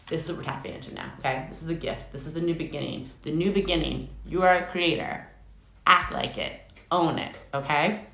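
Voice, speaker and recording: Chatty woman with a low voice, swearing freely. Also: fairly quick, gravelly. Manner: chatty, swearing, excitable, laughs often. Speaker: tarot reader. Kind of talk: casual live tarot reading. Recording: echoey room with faint noise.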